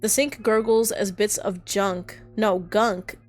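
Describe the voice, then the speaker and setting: A woman's voice: mid-range voice, fairly even intonation, takes it slowly, soft background music. A woman streamer reading a horror visual novel aloud, with dramatic delivery broken by startled asides.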